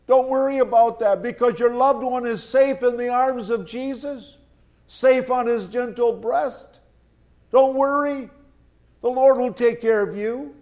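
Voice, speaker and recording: A man delivering a sermon in a high voice. He speaks slowly and deliberately, leaning on repeated phrases for emphasis. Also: a little mellow. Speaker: preacher.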